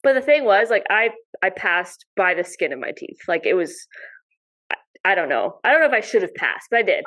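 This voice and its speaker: A woman guest on a podcast, telling lively stories in casual chat with some mild swearing. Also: mid-range voice, brisk, low-quality recording. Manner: animated storyteller, mild swearing. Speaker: podcast guest, dog sport competitor.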